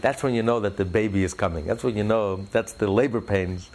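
A man teaching religious ideas in an interview, preacherly, rising sharply in pitch for emphasis and telling stories with acted voices. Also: a little fast, background noise.

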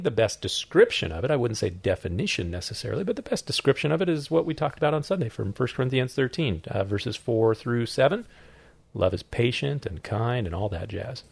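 Gravelly-voiced pastor chatting. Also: male voice, lowish voice. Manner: storytelling, quick and animated, acts out quotes. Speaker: pastor and podcast co-host. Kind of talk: casual chat about sermon questions.

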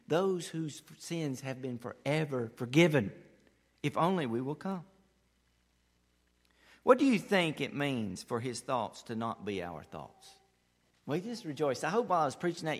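A man delivers a sermon with a lively, wide-ranging pitch, swinging from eager, loud stretches down to hushed lines. His voice sits a little high for a man, and a long reverb trails off each phrase as if he is in a large hall. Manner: animated preaching, big swings between loud and hushed. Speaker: pastor.

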